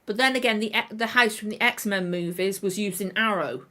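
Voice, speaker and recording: A woman hosting a reaction channel talks at a normal speed in a medium-pitched, sharp-toned voice. She sounds tired and her throat is a bit tender as she rambles through a casual stream chat, constantly restarting and correcting herself.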